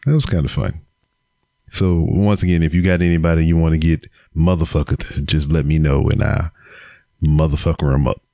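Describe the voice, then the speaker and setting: A man's voice: a bass voice, fairly even intonation, moderate pace, dark tone, no echo, studio quality. A man hosting his own podcast, talking casually to camera and cursing through a joking roast. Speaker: podcast host. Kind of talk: casual solo podcast segment. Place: home recording setup on camera. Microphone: camera with mic.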